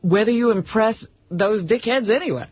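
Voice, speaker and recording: A radio co-host making dry, wry remarks. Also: male voice, high voice, normal speed, slightly rough, dry recording. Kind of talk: radio banter. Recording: dry, dull radio sound.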